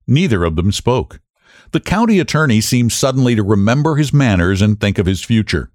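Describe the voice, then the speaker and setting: A man narrating a story as an audiobook reader, measured and expressive. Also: on the low side, no room sound, clean studio sound. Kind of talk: scripted narration.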